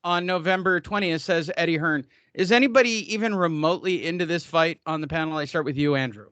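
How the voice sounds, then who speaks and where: A man hosting a casual boxing podcast, excitable and joking, often cutting in with quick remarks. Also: a little high, no room sound. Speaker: podcast host. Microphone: headphones, podcast mic.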